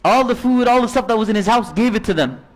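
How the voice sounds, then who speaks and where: Brief: male preacher with a very high voice, animated and conversational, telling a story in a sermon. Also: fast.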